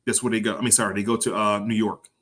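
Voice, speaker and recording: A man's voice: lowish voice, quick pace. A man giving an informal, preachy lecture, talking over visuals and swearing freely. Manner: animated, profane, preachy.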